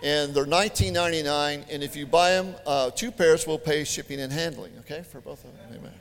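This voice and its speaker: A man preaching a sermon, telling stories in an animated, chatty way with joking asides. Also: a little high, fairly quick. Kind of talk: storytelling sermon. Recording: long hall reverb.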